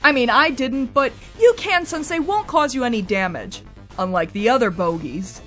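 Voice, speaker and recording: Narrating a game review, a woman speaks in a high, bright voice at a moderate pace with lively intonation. Her wry, chatty delivery swings widely in pitch, and faint music runs beneath her.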